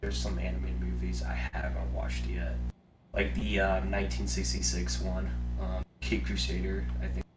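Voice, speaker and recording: A man's voice: deep voice, steady tone, normal speed, background noise. A man casually rambling as a podcast co-host, swearing here and there. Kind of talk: casual chat. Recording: roomy distant mic with music.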